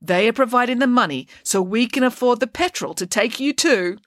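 A woman's voice: fairly high pitch, animated, brisk, no echo, clean studio sound, pitched above the performer's own voice, lightly acted. A woman voicing a mild, put-upon male schoolteacher, announcing formally to a class.

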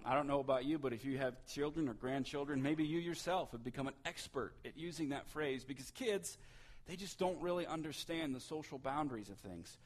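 A man in his thirties preaching a sermon in a church, swinging between loud and hushed delivery. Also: medium pitch. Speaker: pastor.

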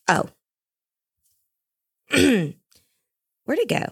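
Young woman host, low voice, dry close mic, sarcastic solo rant, casual. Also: drawn-out words, vocal fry, long pauses, slightly rough, dry recording. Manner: sarcastic, animated, mocking asides. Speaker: podcast host.

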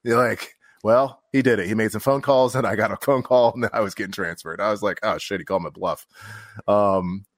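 Low-voiced fire officer telling a story. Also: male voice, brisk, hardly any pauses, dry recording. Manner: candid, swears casually, acts out quotes. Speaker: podcast guest, fire officer. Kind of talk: storytelling in casual conversation.

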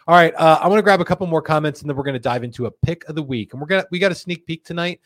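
A man's voice: on the high side, no echo, clean studio sound. A man hosting a live stream, chatting and reading out viewer comments. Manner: chatty, animated, fast and slow in turns. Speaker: show host.

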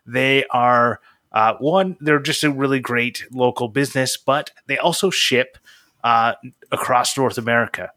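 A man co-hosting a podcast in casual chat, his voice bright and forceful. He rambles along with fillers and restarts, recorded close and dry. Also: medium pitch, unhurried, dry recording. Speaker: podcast co-host.

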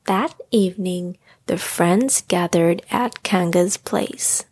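A woman narrating a bedtime story in a soft voice, often slipping into a whisper. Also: lowish voice, slow, slightly rough.

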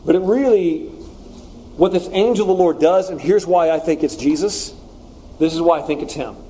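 A man's voice: fairly high pitch, rough recording. Casual, slangy male pastor preaching. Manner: conversational, animated with slangy asides. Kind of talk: casual sermon.

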